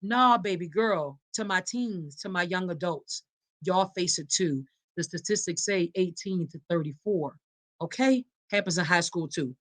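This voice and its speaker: A woman's voice: lowish voice, measured pace. Emphatic woman podcast host preaching to listeners. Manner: emphatic and preacherly, addressing listeners as y'all and reading live comments. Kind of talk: live-streamed advocacy talk.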